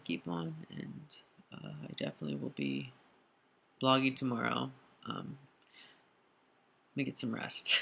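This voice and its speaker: A man recording a personal video diary while crying, speaking in a halting, emotional way with many pauses and fillers. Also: medium pitch, creaky. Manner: grateful, soft-spoken confession. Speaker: vlogger.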